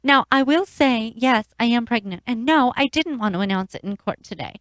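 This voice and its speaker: A woman's voice: fairly high pitch, normal speed, dry recording, natural voice. A woman playing an emotional, melodramatic pregnant wife in court for an improv comedy sketch. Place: radio studio.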